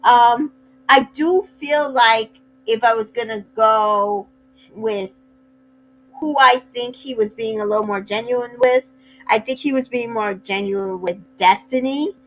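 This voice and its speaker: A sassy woman chats through a recap with opinionated asides. Her voice sits a touch high, and she takes her time. She slips into quick put-on voices when quoting people. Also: low-quality recording. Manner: acts out cast members' lines in quick voices. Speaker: recap host. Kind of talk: casual reality TV recap.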